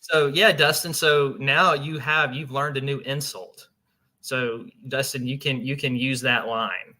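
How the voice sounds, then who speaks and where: A man's voice: mid-range voice, steady tone, a little slow, bright, forceful tone. A man, hosting a paranormal show and telling a story in a loose, chatty way, often laughing and restarting his sentences. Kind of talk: casual storytelling to an audience.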